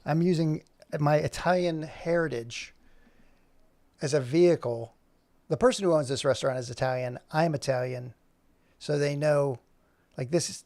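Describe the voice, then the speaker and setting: Gravelly man rambling on a live stream. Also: on the high side, normal speed, dry recording. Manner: rambling, thinking aloud while fumbling with software; jokey and self-mocking. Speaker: animator streaming his work. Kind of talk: casual live-stream chat.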